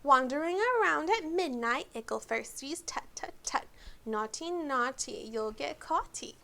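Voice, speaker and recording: A woman's voice: high-pitched, expressive, measured pace, gravelly, sharp tone, heavily acted. A woman voicing a mischievous male poltergeist who taunts in a sing-song voice and bellows. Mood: sing-song taunting. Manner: shrieking, bellowing.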